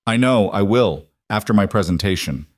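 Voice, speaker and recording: A stressed career woman, clipped and defensive, spoken in a fairly low voice as a male narrator voices her. The delivery is dry and close with no room around it. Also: animated, no echo, close to an everyday voice. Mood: strained. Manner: clipped, tense, quick to defend herself.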